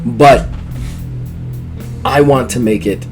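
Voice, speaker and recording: A man's voice: medium pitch, slow pace, over music, close to an everyday voice. A man voicing an earnest male time-traveling missionary in a tabletop game.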